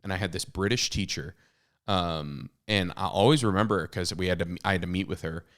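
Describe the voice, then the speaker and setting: Low-pitched, fairly quick and fairly bright, this thirtysomething man co-hosts a podcast and writes books. In relaxed conversation he tells candid stories at his own expense, stopping and restarting often amid many fillers.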